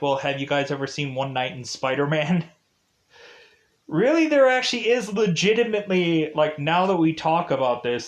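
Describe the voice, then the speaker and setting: A man giving a casual, rambling film review, full of "like" and "uh". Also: a little high. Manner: rambling, heavy use of "like" and "uh".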